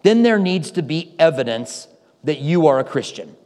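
Speaking at a normal speed, a pastor with a highish, slightly mellow voice delivers a very animated sermon. He tells stories in a chatty way and acts out what others said. The sound has hall reverb.

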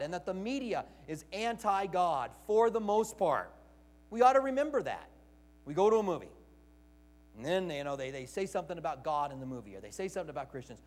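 In a recording with a long reverb tail, a man with a high-sitting voice preaches conversationally. He reads passages of scripture and poses rhetorical questions to his congregation.

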